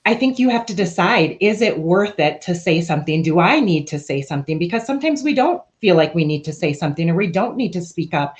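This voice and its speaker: A woman's voice: lowish voice, expressive, brisk, few pauses. A woman speaking as a panelist, candid and questioning, often checking in with "right?". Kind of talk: reflective panel discussion.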